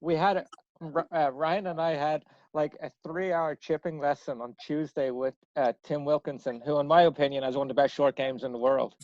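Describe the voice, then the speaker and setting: A man with an Irish accent, guesting on a podcast and telling an animated story, laughing as he goes. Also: fairly high pitch, a little fast, no room sound. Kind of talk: casual storytelling. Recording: dull dry lo-fi audio.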